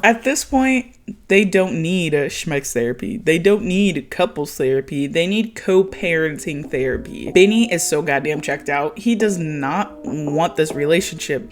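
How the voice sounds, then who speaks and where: A host recapping a reality TV episode in a casual chat, animated, laughing often and acting out what the cast said. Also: mid-range voice. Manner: animated, laughs a lot, acts out quotes; swears freely.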